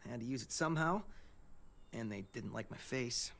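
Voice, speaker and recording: A man's voice: mid-range voice, expressive, moderate pace, creaky, fairly bright tone. A brash bomb-loving young man. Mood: boastful. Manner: cocky, foul-mouthed. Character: brash young man who loves explosives.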